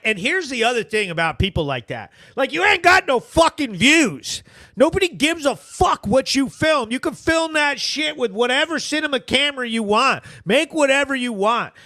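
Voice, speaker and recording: A brash man hosts a live stream, ranting with constant profanity and laughing between viewer comments. His voice is high and bright, with a sharp edge. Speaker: host of a live news recap stream.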